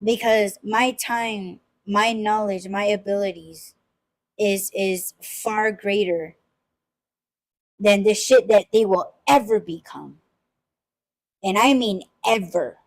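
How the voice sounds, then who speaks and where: A woman's voice: medium pitch, steady tone, slow pace, pauses often, rough recording. A woman in casual podcast talk, blunt and profane, ranting and mimicking the people she criticizes.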